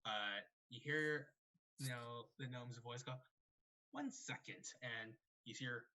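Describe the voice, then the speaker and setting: A man narrating a live-streamed tabletop game as game master, relaxed and conversational with many fillers. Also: medium pitch, slow.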